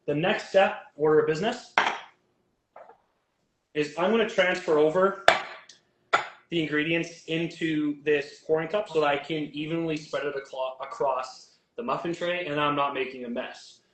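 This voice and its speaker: A chatty, upbeat man with a fairly high voice talks through each cooking step as he goes. He speaks casually, as a guest chef in a kitchen. The sound bounces around an echoey room. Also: a bit bright. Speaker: guest chef and bodybuilding coach. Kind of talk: casual chat while cooking.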